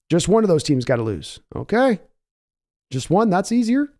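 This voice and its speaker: A chatty, excitable man hosts a live sports reaction stream, reading viewer messages aloud and talking casually. His voice sits a little high for a man. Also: normal speed, pauses often, dry recording, studio quality.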